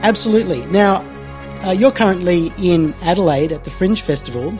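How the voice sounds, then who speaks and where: A talk radio host, interviewing a guest and reading out a list in a halting way full of fillers. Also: medium pitch, a little mellow. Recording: lo-fi radio audio with faint music.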